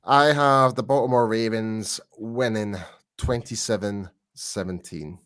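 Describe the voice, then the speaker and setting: A man's voice: fairly low pitch, fairly even intonation, a little slow, fairly bright tone, smooth, no room sound, studio quality. Chatty man on a sports podcast. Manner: chatty, self-deprecating, laughs often. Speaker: podcast co-host. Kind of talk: casual sports chat.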